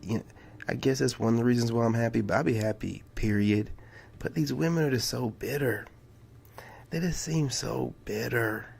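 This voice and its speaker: A man's voice: medium pitch, vocal fry, darkish tone. A man hosting a casual reaction video, talking in a drawling, slangy way and saying "man" a lot. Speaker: YouTube reaction host.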